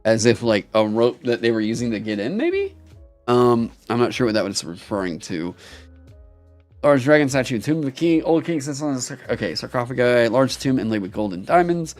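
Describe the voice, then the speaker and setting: A young man critiquing on a live stream at a middle pitch, reading aloud haltingly with many ums and casual swearing. His talk jumps into excited asides, and faint music plays behind him. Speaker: streamer critiquing game designs.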